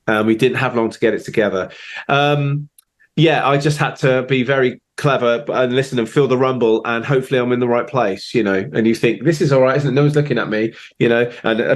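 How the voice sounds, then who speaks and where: Drummer guest, lively storyteller, mid pitch. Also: male voice. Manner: animated storyteller, acts out quotes. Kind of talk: casual chat.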